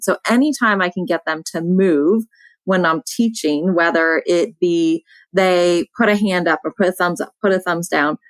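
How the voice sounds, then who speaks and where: Calm female elementary teacher, lower voice, dry close sound, soft-spoken and unhurried. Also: dry recording, low-quality recording. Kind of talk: panel discussion.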